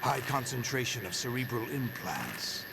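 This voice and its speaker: An actor playing a commanding older male leader who speaks slowly and menacingly with a gravelly voice. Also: medium pitch, very animated, very noisy. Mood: cold menace. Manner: slow, measured, menacing.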